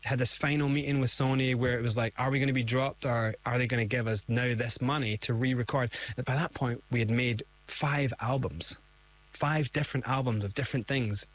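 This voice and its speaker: A man's voice: mid-range voice, fairly even intonation, a little fast. A middle-aged man, a guest in an interview, telling his story with animation and acting out the voices he quotes. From Scotland.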